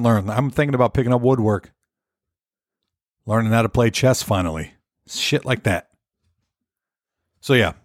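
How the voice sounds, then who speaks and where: A man's voice: mid-range voice, no echo, clean studio sound. A man hosting his own podcast, rambling casually and cursing, often repeating himself as he goes. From United States. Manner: rambling, profane, repeats words. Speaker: podcast host.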